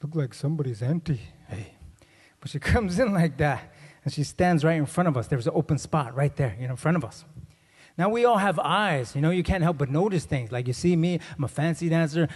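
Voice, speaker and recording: A man's voice: fairly high pitch, a little mellow, slightly rough. A man telling a comic story on stage and hyping up the crowd with call-and-response. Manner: laid-back, joking, audience call-and-response. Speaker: stage performer. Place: large conference hall. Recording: reverberant conference hall.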